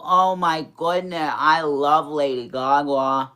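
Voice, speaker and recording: A drag performer in their forties with a New York accent rambles on a casual livestream. Their speech has a slight impediment, slips now and then into a childlike lilt, and stays slow and unhurried. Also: medium pitch, a bit bright. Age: 40s. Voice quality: mild speech impediment, sometimes childlike, baby-girl-like voice. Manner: rambling, profane, candid livestream chatter.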